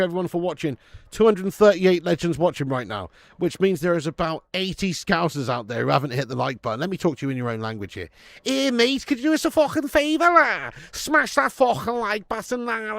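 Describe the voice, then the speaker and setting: Guy hosting a football watch-along stream, a bit high voice, sweary banter, dry close mic. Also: no room sound. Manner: sweary banter, laughing while reading out viewer messages. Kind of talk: live football watch-along commentary and chat.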